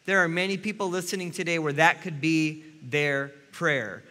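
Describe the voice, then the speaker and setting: A man's voice: a little high, moderate pace, few pauses, bright, forceful tone, in a large hall. A man preaching a sermon as a pastor, earnest and speaking directly to his listeners.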